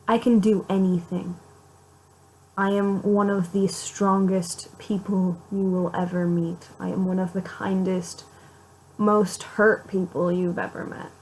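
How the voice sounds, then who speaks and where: A woman's voice: fairly low pitch, darkish tone, a little hiss or hum, rough recording. A young woman talking straight to her viewers in a confessional vlog, raw and emotional, swearing a lot, repeating herself and breaking off mid-sentence. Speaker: vlogger.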